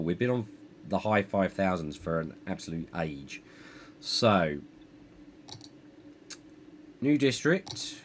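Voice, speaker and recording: A man's voice: deep voice, a little hiss or hum. A man streaming a city-building game, thinking aloud in a rambling, self-deprecating way. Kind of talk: live gameplay commentary.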